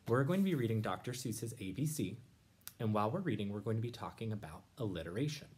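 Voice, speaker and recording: Gentle low-voiced man reading aloud. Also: fast talker. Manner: gentle, encouraging, lively when reading verses aloud. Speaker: teacher reading to children. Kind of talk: read-aloud lesson.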